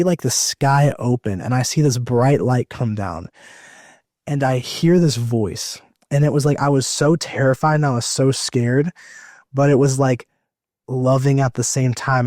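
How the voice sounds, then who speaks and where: A man's voice: mid-range voice, dark tone, no room sound, clean studio sound. Emotional young man sharing his testimony. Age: 20s. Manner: rambling, many fillers and restarts, emotional. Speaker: evangelist guest. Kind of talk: personal testimony in conversation.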